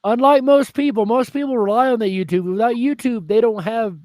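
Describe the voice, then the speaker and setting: A man's voice: very high-pitched, fairly quick, darkish tone, no echo. A man who hosts a radio show, guesting on a casual live-stream chat, blunt and profane as he rants.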